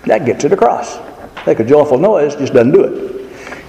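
A man preaching a sermon in an earnest, emphatic way, leaning slowly on key words. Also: on the high side, very animated, gravelly, mellow. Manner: earnest, emphatic, with slow drawn-out stresses. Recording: echoey hall with faint noise.

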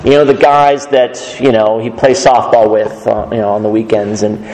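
A man's voice: fairly low pitch, little pitch movement, moderate pace, darkish tone. A male pastor giving a sermon in a conversational, emphatic way. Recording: echoey hall reverb.

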